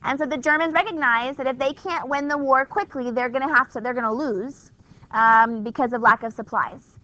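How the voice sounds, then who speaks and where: A high, bright-voiced woman lectures a class in a relaxed, wry way, tossing out rhetorical questions and quick asides. The recording is dull and lo-fi, like a classroom capture. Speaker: history teacher.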